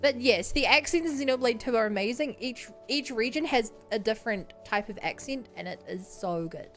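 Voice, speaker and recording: A woman's voice: fairly high pitch, a little fast, faint music behind. A woman streamer chatting casually with her viewers and a co-player while she plays. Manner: excitable, talks to chat. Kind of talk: casual game-stream chat.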